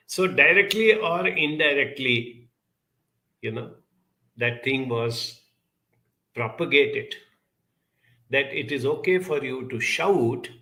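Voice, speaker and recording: A man's voice: medium pitch, sharp tone. A man speaking as a guest on a program, telling a childhood story in an earnest, reflective way with rhetorical questions.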